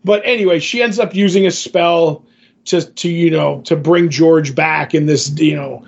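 A man's voice: on the high side, steady tone, moderate pace, gravelly, breathy edge, lo-fi sound. A man co-hosting a podcast, casually talking about comics and recapping a story in a rambling way with many fillers. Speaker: podcast co-host. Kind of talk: casual comic book discussion.

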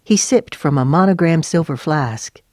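Female narrator, low voice, even storybook reading, dry close sound. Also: moderate pace, no echo. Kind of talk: scripted narration.

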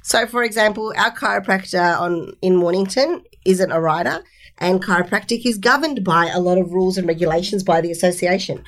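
An Australian woman, a magazine publisher, chatting as an interview guest and telling lively stories with frequent laughs. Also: on the low side, fairly quick. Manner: animated storyteller, laughs often. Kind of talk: casual interview chat.

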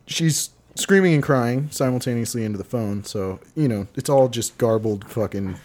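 A man's voice: mid-range voice, moderate pace, a little mellow. A man telling a long story on a casual podcast, swearing freely and acting out what people said. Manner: profane, rambling, acts out quotes. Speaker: podcast co-host.

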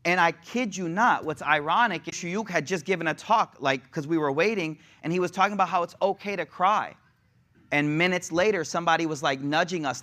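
A man's voice: a little high, fairly quick, pushed and bright. A young adult man teaching a sermon in a casual, slang-filled way, building up to raised, passionate delivery. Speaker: religious teacher.

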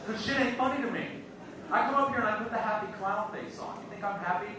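A man doing a loud, crude stand-up set, teasing the crowd and breaking into sung bits. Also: very high-pitched, lively intonation, fairly quick, slight background noise. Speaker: stand-up comedian. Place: comedy club stage. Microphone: handheld stage mic. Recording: echoey club heard from far off, with music.

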